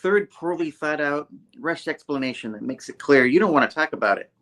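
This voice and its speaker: A man hosts an easygoing comic review program, recounting a plot and popping into brief voices for the characters. His storytelling is lively, and he shoots his voice high for each quoted line.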